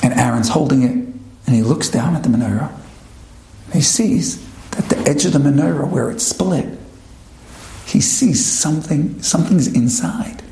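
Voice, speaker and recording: A man's voice: normal speed, creaky, long pauses, mellow, reverberant, low-quality recording. A man telling a dramatic story, acting out the voices of the people in it. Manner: dramatic, shifting pace and pitch for characters. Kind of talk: spoken storytelling with acted quotes.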